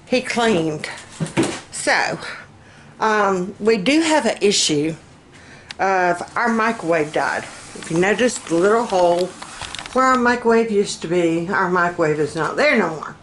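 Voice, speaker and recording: A woman's voice: lowish voice, lively intonation, unhurried. A middle-aged woman with a Southern US accent talks to her camera in a home kitchen, taking her time over each thought. Her words come out a bit slurred from denture adhesive, and her manner is folksy and chatty. A faint hum of room noise sits behind her. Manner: chatty, folksy, laughs often. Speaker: vlogger. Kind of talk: casual chat.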